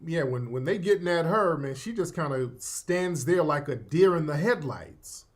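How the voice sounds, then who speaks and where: A man's voice: a little high, lively intonation, normal speed. A man giving casual reaction commentary in a mocking, informal, drawling way.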